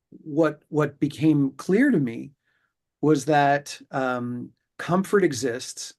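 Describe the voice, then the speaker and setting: A middle-aged man from New York, a pediatrician, explaining his views in a measured, reflective way, with pauses and restarts. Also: fairly high pitch. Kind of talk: conversational interview explanation.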